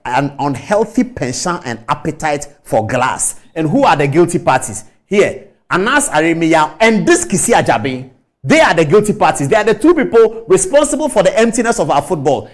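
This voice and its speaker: A man from Ghana giving impassioned, indignant commentary with rhetorical questions. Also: high voice. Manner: indignant, rhetorical, mimics others in quotes.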